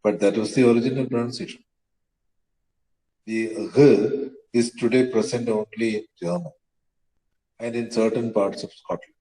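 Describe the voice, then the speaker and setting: A man's voice: medium pitch, normal speed, long pauses, mellow, reverberant, poor audio. A man lecturing on the history of English pronunciation, hesitating often with fillers and spelling words out letter by letter. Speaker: teacher.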